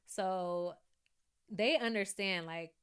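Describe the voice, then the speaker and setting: Taking it slowly, a woman with a clean, mid-range voice gives a YouTube recap and commentary in a chatty, animated style. Frequent laughter breaks in as she acts out quotes from the show.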